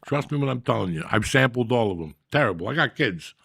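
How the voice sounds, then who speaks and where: A man hosting a podcast, telling stories in a profane, loud, animated comedic rant. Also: medium pitch, quick pace, gravelly, husky, no room sound, clean studio sound. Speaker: podcast host.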